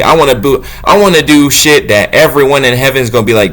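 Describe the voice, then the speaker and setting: A man talking off the cuff about faith and self-trust, blunt and profane, swinging between low musing and loud preaching. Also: lively intonation, brisk, few pauses. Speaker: motivational talker. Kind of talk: unscripted spiritual monologue.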